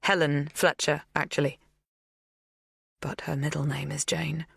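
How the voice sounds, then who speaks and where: A woman's voice: deep voice, little pitch movement, a little slow, gravelly, fairly bright tone, husky, no echo, studio quality, exaggerated voice. A woman voicing a shaken, wary young woman in an audiobook, speaking in tense, clipped lines.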